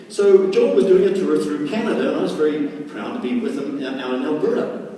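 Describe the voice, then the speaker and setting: A man giving an energetic motivational talk at a sales meeting, acting out quoted voices and laughing often. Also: a little high, quick pace. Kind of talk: motivational stage talk with anecdotes. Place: large meeting hall. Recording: echoey hall mic from far off, noisy.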